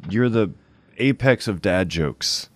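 A man from Louisiana chats on his podcast in a studio, joking around and laughing often. His voice sits low but swings widely in pitch. The sound is close and dry. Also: animated, slow, no room sound. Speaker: podcast co-host. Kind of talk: casual podcast chat.

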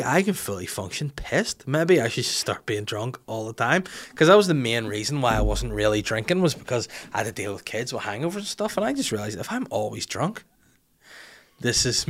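Man, thirties, crude jokey storyteller, casual podcast chat, average pitch. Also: fairly bright tone. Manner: rambling, jokey, crude, self-mocking. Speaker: podcast host telling an anecdote.

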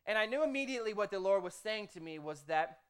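Smooth-voiced pastor preaching conversationally. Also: mid-range voice, fast. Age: adult, formerly a motivational speaker. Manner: conversational, punctuates with "okay?" and "right?"; lively storytelling, acts out own quoted prayers. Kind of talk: sermon with a story.

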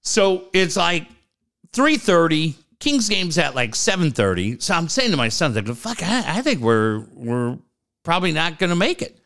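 A man's voice: on the high side, bright, forceful tone. Ranting, profane middle-aged man. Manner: ranting, swears constantly, acts out other people's lines. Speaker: co-host telling a story. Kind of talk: profane casual storytelling.

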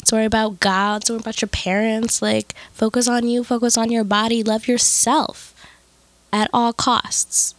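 A woman's voice: a little high, flat delivery, normal speed, dry recording. A woman guest on a casual podcast chat, speaking frankly and unhurriedly.

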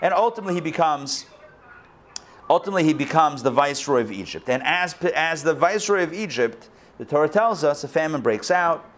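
A man teaching a live Torah class as a rabbi, telling the story with lively, acted-out lines. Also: on the high side, fairly quick. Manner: animated storytelling, acts out quoted lines. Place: school hall, recorded live.

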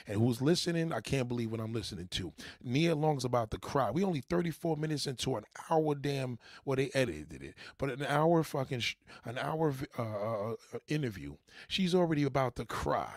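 Male reaction commentator with a gravelly voice, mocking and profane, recorded dry. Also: medium pitch, sing-song, brisk, hardly any pauses, dry recording. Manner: mocking, heckling, swears heavily. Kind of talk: profane rant over a played interview.

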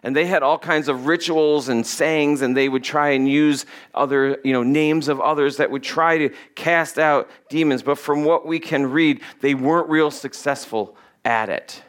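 A man's voice: a little high, fairly even intonation, moderate pace, hardly any pauses. A man preaching a conversational sermon, reading scripture and acting out quoted lines in voices. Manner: casual, acts out quotes in voices. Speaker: pastor.

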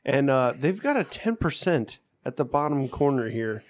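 Excitable guy chatting on a podcast, cusses when surprised. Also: mid-range voice, moderate pace. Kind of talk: casual chat.

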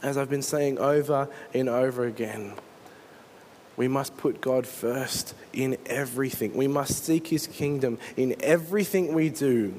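A man preaching from the pulpit in an earnest, storytelling way. His voice sits at a middle pitch, and he builds scenes with feeling. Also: measured pace, a little mellow, a little hiss or hum. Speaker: pastor. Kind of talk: sermon.

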